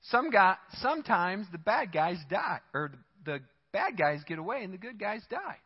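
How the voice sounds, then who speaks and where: A male pastor giving a conversational, animated sermon and acting out the voices he quotes. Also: high voice, normal speed, husky, big-room sound, dull audio. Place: church sanctuary.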